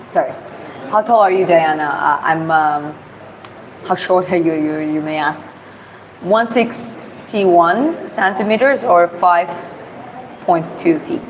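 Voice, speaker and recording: Pausing often and speaking slowly at a fairly low pitch, a Georgian woman streams live while walking outdoors in the city. As a non-native English speaker with a Georgian accent, she rambles through viewer questions with plenty of fillers in a casual chat. The recording is rough, with a slight hiss or hum.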